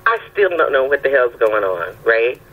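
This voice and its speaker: A woman with a husky voice, calling in and telling a lively anecdote, often checking in with her listener. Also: a bass voice, moderate pace. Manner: lively anecdotal storytelling, checks in with "right?" and "okay?". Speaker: caller telling a story. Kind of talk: casual phone storytelling. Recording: tinny phone line.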